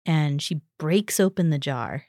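A woman with a low-pitched voice, a religious sister co-hosting a spiritual discussion. She talks in an animated way, laughs readily and keeps checking in with her partner. The sound is dry and close. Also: unhurried, dry recording. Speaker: religious sister, podcast co-host. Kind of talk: conversational discussion.

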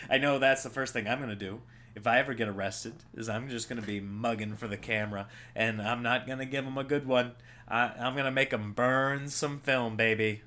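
A man, a comedian, rambling casually through his own show, voice lowered by a cold, chatty and jokey, laughing at his own bits. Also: pushed and bright.

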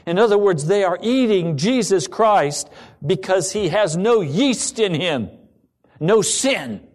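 A man preaching a sermon with dramatic delivery, swinging between ringing emphasis and a hushed near-whisper. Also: sits high, lively intonation, slow pace.

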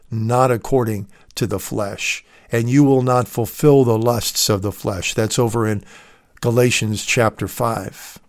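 A man's voice: medium pitch, no room sound, studio quality. A man preaching a recorded sermon to his listeners, calling them dear friend and leaning hard on key words. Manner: emphatic, swells on key words. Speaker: radio preacher.

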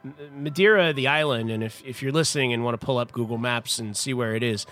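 A wine importer, a guest on a casual podcast, tells a long story about wine history, rambling, restarting, and wandering into asides. He talks fast in a medium-pitched, slightly bright voice. Soft music plays in the background.

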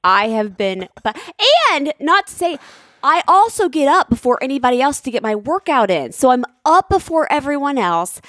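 A woman's voice: high-pitched, sing-song, moderate pace, fairly bright tone, no room sound, clean studio sound. A woman in her thirties chatting casually, emphatic and indignant as she gives her side. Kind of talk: casual chat.

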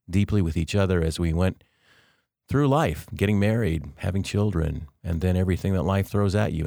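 A middle-aged man hosting a devotional podcast, telling personal faith stories in an earnest, good-humored way with slow, emphatic phrasing. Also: low-pitched, creaky, darkish tone, no echo, clean studio sound. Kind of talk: faith-based storytelling podcast.

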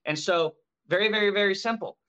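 This is a man guesting in a casual podcast chat about running a mortgage brokerage. He talks with high energy and animated storytelling, and his voice is bright and forceful and sits a little high for a man. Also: brisk, clean tone, highs cut off.

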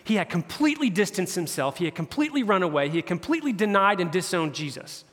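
A campus pastor preaches a casual, conversational sermon, retelling scripture in slang and briefly voicing the characters. His voice sits high for a man, with big pitch swings, a quick pace and a fairly bright tone. The recording carries hall reverb.

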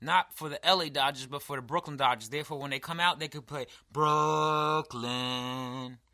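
Bright-voiced joking New man. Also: fairly high pitch, fast talker. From New York. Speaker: podcast co-host. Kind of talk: casual chat.

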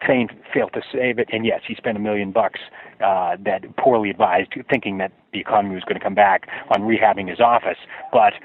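A male author answering interview questions in a conversational way, often halting and repeating words as he thinks. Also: lowish voice, fairly even intonation. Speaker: author guest. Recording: tinny phone line.

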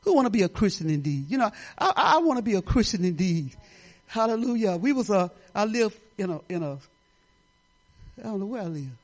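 An older woman pastor from Detroit giving a folksy, animated sermon, talking straight to the congregation with laughing asides. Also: mid-range voice, brisk. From Detroit, Michigan.

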